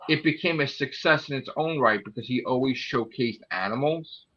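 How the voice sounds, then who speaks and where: A man's voice: mid-range voice, normal speed, a bit bright. Rambling, cussing man on a muffled line. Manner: rambling, swears freely. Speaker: channel host. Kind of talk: casual late-night chat. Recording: muffled phone audio.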